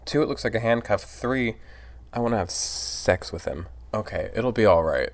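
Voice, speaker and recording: A man's voice: fairly low pitch, animated, moderate pace, vocal fry, no echo. A drunk man casually rambling and giggling through a let's play, reading the game's lines aloud.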